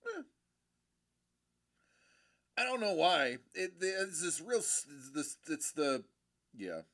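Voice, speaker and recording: Gravelly-voiced man rambling on a stream. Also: on the high side, sing-song, slow, bright, forceful tone, dry recording, clean studio sound. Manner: rambling, self-interrupting, joking. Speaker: collectibles live-stream host. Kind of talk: casual live-stream chat reading comments.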